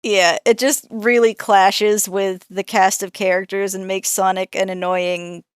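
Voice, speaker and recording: A woman's voice: medium pitch, flat delivery, clean tone, no room sound, studio quality. A woman co-hosting a podcast, trading wry jokes in a casual chat. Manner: wry, joking asides, quick to laugh. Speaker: podcast co-host. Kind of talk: casual chat reviewing a cartoon.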